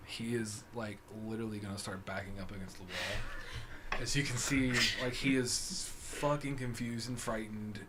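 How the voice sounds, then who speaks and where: A man's voice: lowish voice, steady tone, moderate pace, heavy background noise. A man running a tabletop game as game master, describing scenes casually and laughing often. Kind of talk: narrating a tabletop game, voicing NPCs.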